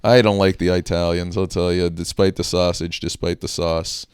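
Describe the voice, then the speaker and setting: Deadpan low-voiced man trading shock jokes. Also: normal speed, clear, resonant tone, dry recording, studio quality. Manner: deadpan, provocative shock humor with frequent laughs. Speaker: podcast co-host. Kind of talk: casual comedic podcast chat.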